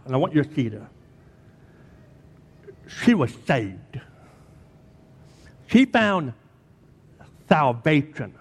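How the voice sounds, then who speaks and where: A man preaching a sermon as a pastor, dramatic and emphatic, repeating key words for effect. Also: high-pitched. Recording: long hall reverb.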